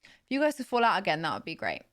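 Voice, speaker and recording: A young British woman livestreams, chatting playfully with her viewers and laughing often. She's giggly and animated, gesturing with her hands, and her voice is on the low side with a quick pace.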